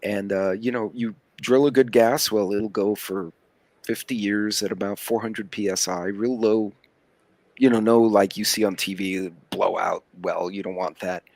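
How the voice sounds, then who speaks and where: A man on a livestream, explaining ideas in a laid-back, rambling way. His voice sits fairly low, and the recording is dry and close, with no room sound. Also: steady tone, a little slow, gravelly, a little mellow, dry recording. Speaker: livestream panelist. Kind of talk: casual chat.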